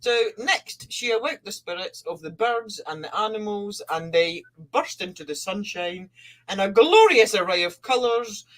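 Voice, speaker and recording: A woman's voice: mid-range voice, animated, moderate pace. A woman co-hosting a podcast, telling a creation myth in a casual, playful way. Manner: playful, breaks into silly character voices. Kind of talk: casual storytelling chat.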